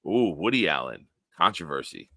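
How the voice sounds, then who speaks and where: A man's voice: low-pitched, sing-song, moderate pace, pushed and bright, no room sound. A young man hosting a sports podcast live stream, casually joking and reading out viewer comments. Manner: jokey, reads out viewer comments.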